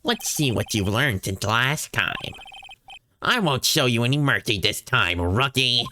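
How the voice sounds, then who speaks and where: A man's voice: mid-range voice, big pitch swings, measured pace, noisy background. Man doing a smug veteran prosecutor.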